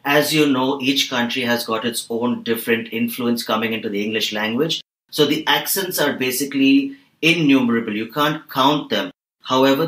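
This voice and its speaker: A man working as a voice and accent trainer, explaining calmly and steadily in a podcast interview. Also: medium pitch, roomy sound, rough recording. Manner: calm, measured explainer.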